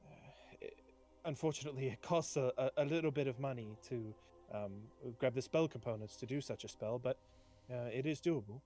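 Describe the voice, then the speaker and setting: A man's voice: mid-range voice, fairly quick, mellow, natural voice. A man voicing a polite, formal elven woman healer in a tabletop game, in close to his own voice. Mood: courteous. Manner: formal, courteous.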